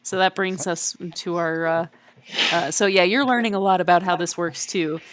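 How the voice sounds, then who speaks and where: A woman narrating as game master of a tabletop game, slow and descriptive with many fillers. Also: on the low side, slight background noise.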